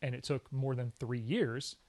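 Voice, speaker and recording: A man in a relaxed interview tells his career story with real energy. His voice sits in an ordinary middle range, and he punches key words and slips into little acted-out quotes. The tone is casual and emphatic throughout. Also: medium pitch, normal speed. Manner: animated storyteller, often acts out quoted speech. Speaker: sports anchor and reporter, podcast guest.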